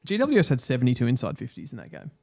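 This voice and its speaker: Man, casual footy chat, relaxed co-host. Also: mid-range voice, rapid-fire, creaky. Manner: laid-back, chatty, drops to quiet asides. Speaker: co-host of a football watchalong show. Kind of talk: casual live football chat.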